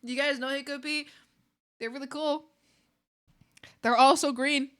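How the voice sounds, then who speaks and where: This young art streamer has a fairly high, bright voice with rather even intonation and a measured pace. She's giggly and scattered, laughing frequently as she talks casually with her viewers.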